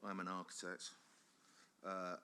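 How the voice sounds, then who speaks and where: A man speaks at a conference in a very deep, slow and halting voice. His tone still comes through bright and forceful. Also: completely flat delivery, clear, resonant tone. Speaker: architect. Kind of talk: conference presentation.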